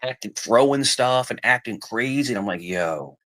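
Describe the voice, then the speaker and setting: A man's voice: medium pitch, moderate pace, a bit bright. Rambling middle-aged man telling stories. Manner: rambling, repeats himself, acts out quoted voices. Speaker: podcast guest telling family stories. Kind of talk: casual chat.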